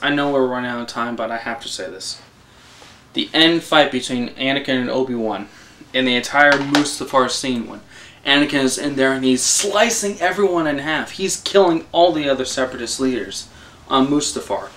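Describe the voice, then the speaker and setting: A young man giving a casual, excitable, rambling film review, swearing and laughing as he goes. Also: mid-range voice. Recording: voice a bit distant from the mic.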